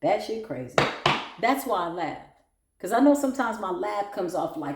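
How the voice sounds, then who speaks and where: A woman's voice: mid-range voice, very animated, normal speed, a little mellow, slight background noise. A woman giving a blunt, profane tarot reading, mocking her targets and breaking into laughter. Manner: bursts into laughter. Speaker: tarot reader. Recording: roomy echo.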